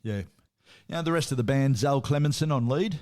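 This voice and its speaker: A man's voice: medium pitch, moderate pace, darkish tone. Chatty man hosting a music podcast. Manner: chatty, storytelling, with asides and laughter. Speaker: podcast co-host. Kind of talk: casual music podcast chat.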